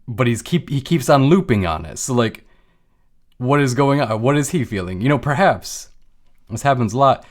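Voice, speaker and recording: Brief: male lecturer, somewhat low pitch, relaxed conversational teaching. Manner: conversational, uses made-up everyday examples. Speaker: lecturer on emotions. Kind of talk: casual explanatory talk.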